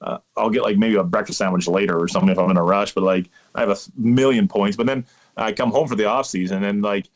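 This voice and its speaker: Talking fast with fairly even intonation, an umpire in his thirties from Canada appears as a guest in a relaxed interview. His voice is fairly low, and he rambles animatedly through stories full of eager asides in a chatty, easygoing way.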